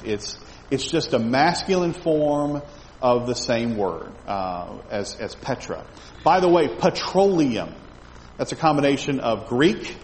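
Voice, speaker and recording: Guy teaching bible study in an echoey hall, voice goes up and down a lot, faint noise behind. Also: medium pitch. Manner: animated, asks the class questions, repeats words as he thinks.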